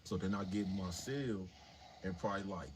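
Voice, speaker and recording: A man's voice: sits low, a little fast. A man in his forties telling a story casually and animatedly on a livestream, swearing freely. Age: 40s. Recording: noisy livestream audio.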